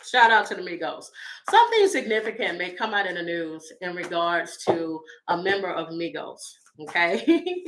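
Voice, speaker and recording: Woman tarot reader, livestream host, bright edgy tone, blunt, salty, laughs a lot. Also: medium pitch, slight background noise, rough recording. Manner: blunt, profane and laughing, talking to viewers. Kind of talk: casual livestream chat.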